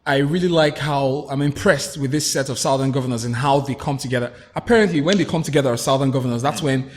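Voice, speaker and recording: A man giving his views as a guest on a political talk show, opinionated and halting, with frequent restarts. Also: mid-range voice, a little mellow. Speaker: guest commentator.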